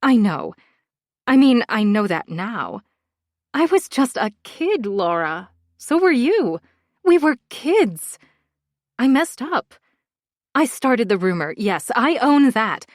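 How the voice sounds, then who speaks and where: A woman's voice: a little high, very animated, slow pace, no echo, studio quality. A woman reading an earnest, defensive grown woman. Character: grown woman confronting an old school friend, defensive.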